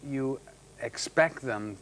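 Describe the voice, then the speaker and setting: A middle-aged male actor appears as a chat show guest, telling anecdotes in a mid-range, fairly bright voice. He stumbles and restarts, halting as he goes, and acts out the voices of the people he quotes.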